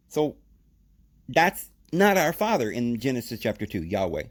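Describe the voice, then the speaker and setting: A man giving podcast Bible teaching, explaining in an animated, emphatic way in short spoken phrases with sudden jumps in pitch. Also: normal speed.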